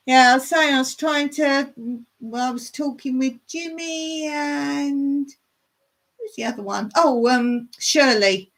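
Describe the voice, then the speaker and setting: A woman hosting a casual live stream from her home in the countryside, chatting in a rambling way and reading viewer comments aloud. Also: high voice. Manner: chatty, rambling, reads viewer chat aloud and laughs often.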